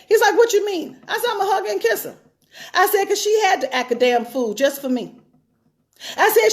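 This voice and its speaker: High-voiced woman preaching with emphasis. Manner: emphatic, repeats phrases for stress. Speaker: pastor. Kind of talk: sermon-style teaching talk.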